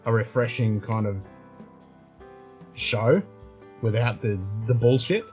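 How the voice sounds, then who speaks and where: A man hosting a casual whisky chat, blunt and quick to swear, laughing often. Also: mid-range voice, a little mellow, soft background music. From Australia. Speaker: host.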